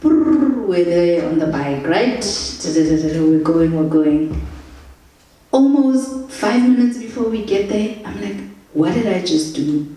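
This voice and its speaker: A young woman telling travel stories in a lively, laughing way, acting out the people she meets. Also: medium pitch, measured pace. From South Africa. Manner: animated, laughs through anecdotes, acts out quotes. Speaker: storyteller. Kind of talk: casual travel storytelling. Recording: echoey room, distant mic.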